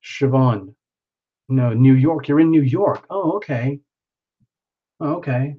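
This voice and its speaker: Man, live tarot reader, rambling chat, medium pitch, muffled stream sound. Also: takes it slowly, husky. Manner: chatty, rambling, reading out viewers' names.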